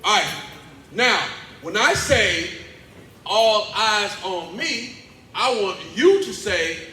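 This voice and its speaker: A man speaking as a motivational speaker and teaching artist at a school assembly, playful and animated, getting the children to call back to him. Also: sits high, slow. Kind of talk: energetic school assembly talk with call-and-response. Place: large indoor school hall. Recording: echoey hall with faint background noise.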